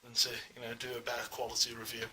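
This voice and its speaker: Very bright-voiced man gushing. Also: medium pitch, completely flat delivery, very fast. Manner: enthusiastic and gushing, rambling with many fillers. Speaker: statue collector reviewing a figure. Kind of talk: casual video review. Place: at home with the statue. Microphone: small camera mic. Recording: distant mic with faint hiss.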